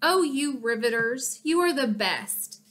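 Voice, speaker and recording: A soft-spoken older woman artist, her voice gentle and choked with gratitude, as a woman reads her part. The voice sits fairly high and comes slowly, each phrase given room. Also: animated. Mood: tender, tearful.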